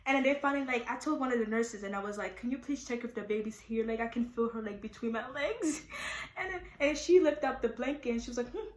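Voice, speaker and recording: A teenage girl telling her own story in a chatty, animated way, with many fillers. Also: fairly high pitch, quick pace, roomy sound, low-quality recording. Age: teens. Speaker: vlogger. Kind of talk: casual storytime.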